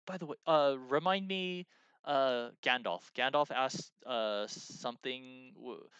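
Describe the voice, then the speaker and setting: Guy co-hosting a dev stream, rambly w lots of ums and restarts, middle pitch, smooth voice. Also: slow, a bit bright, no echo, lo-fi sound. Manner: rambling, many fillers and restarts. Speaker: co-host of a game design stream. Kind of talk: casual chat, reading out chat messages.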